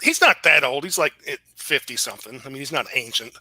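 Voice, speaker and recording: A man narrating as game master, relaxed and chuckling. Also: mid-range voice, a little fast, no echo.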